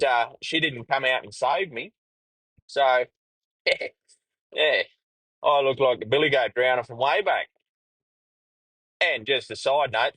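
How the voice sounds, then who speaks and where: A man's voice: mid-range voice, bright, forceful tone, no echo, low-quality recording. Profane Australian man spinning a yarn. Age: young adult. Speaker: podcast host. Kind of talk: casual storytelling.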